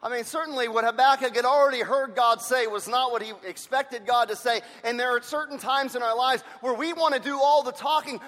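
A man preaching a sermon with passion, swinging between loud shouts and hushed, quiet lines. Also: very high voice. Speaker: pastor. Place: church sanctuary. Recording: long reverb of a large hall.

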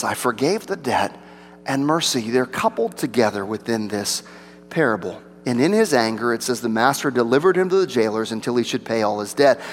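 A pastor preaching a sermon, rising for emphasis and dropping to a low hush. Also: male voice, slight background noise. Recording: long reverb of a large hall.

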